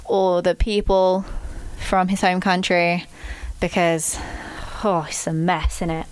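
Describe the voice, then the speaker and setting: A woman's voice: lowish voice, steady tone, takes it slowly, clear, resonant tone, no echo. A young British woman co-hosting a podcast, chatting casually with a dry, teasing wit. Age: young adult. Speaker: podcast co-host. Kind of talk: casual chat.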